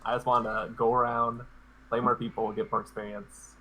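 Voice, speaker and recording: A man speaks as the guest on a casual live stream, his voice bright and forward. He talks in a laid-back, hesitant way and often restarts his sentences. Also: mid-range voice, level tone, normal speed, rough recording.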